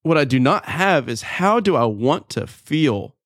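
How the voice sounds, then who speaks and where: A man hosting his podcast, telling a story in an energetic, casual monologue and jumping up in pitch when excited. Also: a little slow, no echo, studio quality. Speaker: podcast host.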